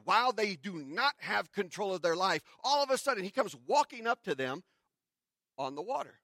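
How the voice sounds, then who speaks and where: A man pastor who reads scripture and then preaches in a conversational sermon, with restarts and dramatic pauses. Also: sits high, fairly bright tone, no echo, studio quality.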